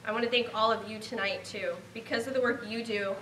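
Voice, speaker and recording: A woman's voice: fairly high pitch, steady tone, brisk, fairly bright tone, reverberant, distant mic, slight background noise, poor audio. A woman in her thirties from Nebraska giving a heartfelt award acceptance speech, earnest and grateful. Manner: heartfelt, earnest, speaking of a lost relative.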